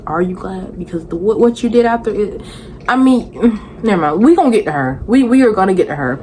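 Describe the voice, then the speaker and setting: Speaking briskly at medium pitch, this young vlogger reviews a reality show with lively intonation and a dark tone. Her recap is sassy, rambling and exasperated, delivered casually to camera over a little hiss or hum.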